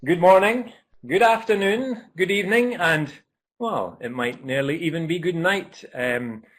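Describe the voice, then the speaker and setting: A man with a fairly high voice opens an online webinar as its host. He greets viewers across the world in an upbeat, welcoming way. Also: unhurried, a bit bright.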